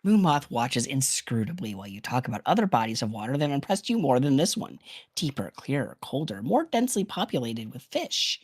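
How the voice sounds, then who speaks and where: A man reading game narration aloud with a tiring, slightly hoarse throat, in a steady, measured way. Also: mid-range voice. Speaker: streamer reading game text.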